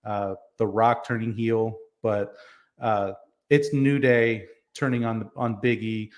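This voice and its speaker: A man's voice: lowish voice, steady tone, takes it slowly. Earnest man making his case. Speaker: podcast co-host. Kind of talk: casual chat.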